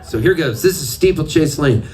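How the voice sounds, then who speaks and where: Animated man telling stories on stage. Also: a little high, moderate pace. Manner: animated, self-mocking, laughs through his stories. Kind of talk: storytelling between songs at a live show. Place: live music venue with an audience. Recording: distant live room recording with crowd. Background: audience and ambient noise.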